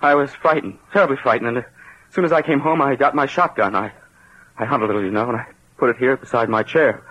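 An actor in a 1940s radio drama playing a prim wealthy husband who talks in a hesitant, defensive way. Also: male voice, mid-range voice, fast, a bit bright, slightly rough. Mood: nervous. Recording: muffled old radio recording.

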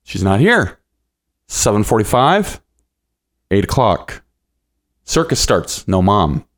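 A man's voice: on the low side, slow. A man in his thirties hosting a podcast, telling a personal story and acting out the voices of people in it. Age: 30s. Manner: animated, acts out the voices of people in his stories. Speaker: podcast host.

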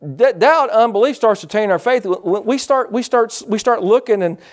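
At a moderate pace and in a high voice, a male preacher gives an animated sermon, acting out the quotes. He keeps calling for the congregation to answer back.

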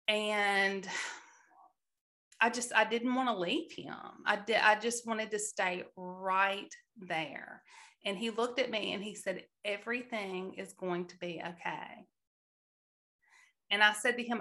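A woman's voice: medium pitch, bright, forceful tone. A woman in earnest storytelling mode, sharing a personal testimony of faith with some restarts.

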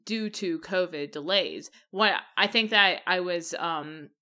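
Slow-talking bright woman, laughing often. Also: fairly low pitch. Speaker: podcast co-host. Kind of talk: casual chat.

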